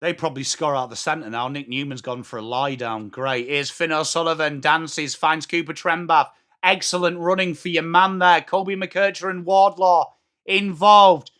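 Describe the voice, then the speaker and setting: A man with an English accent giving live football reaction commentary as a watchalong streamer, blunt and excitable, swearing and greeting his chat by name. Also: a little high, normal speed. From England.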